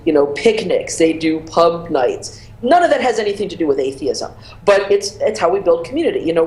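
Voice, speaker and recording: A woman guest on a panel discussion makes her case with passion, pressing hard on key words. Her voice sits a little low, and the room around her rings with a noticeable echo. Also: a little mellow. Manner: passionate, emphatic argument. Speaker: guest author.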